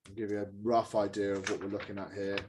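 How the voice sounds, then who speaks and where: A man's voice: fairly low pitch, level tone, fast, noisy background. A man co-hosting a live wine tasting, chatting casually, laughing often and reading out viewer comments. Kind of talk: casual live-stream chat.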